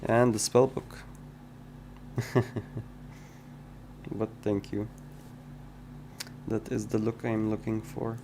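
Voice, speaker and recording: A man's voice: fairly low pitch, little pitch movement, slow, pauses often, dark tone, a little hiss or hum. A man casually chatting on a live stream, reading viewer messages aloud and replying in a hesitant, musing way. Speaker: indie game developer streaming his work.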